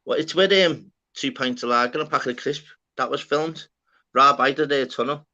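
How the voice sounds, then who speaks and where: A man's voice: medium pitch, brisk, pushed and bright. A Scouse man from Liverpool, around his forties, telling blunt, sweary stories in casual panel banter. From Liverpool, England. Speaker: panel guest. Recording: lo-fi sound.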